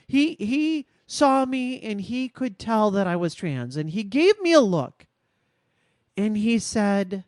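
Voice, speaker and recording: Woman podcast co-host, earnest and reflective, very expressive intonation, dry close sound. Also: medium pitch, no echo. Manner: reflective storytelling, measured and earnest. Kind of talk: casual podcast conversation.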